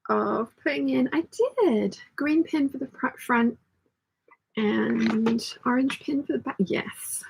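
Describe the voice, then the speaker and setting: A woman's voice: fairly high pitch, creaky, fairly bright tone, slightly rough, low-quality recording. A woman hosting a casual sewing live stream, chatting and rambling as she thinks aloud and answering viewer comments. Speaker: sewing channel host.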